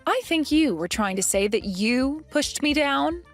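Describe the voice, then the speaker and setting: A woman voicing a calm but firm young pregnant wife who questions her mother-in-law in an animated story drama. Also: high-pitched, unhurried, faint music behind.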